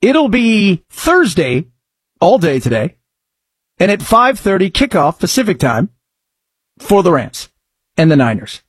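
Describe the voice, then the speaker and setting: A man's voice: high-pitched, sing-song, unhurried, long pauses, breathy edge, dry recording. A man hosting a radio talk show, chatting casually and jokingly about sports and news. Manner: chatty, rambling, jokey.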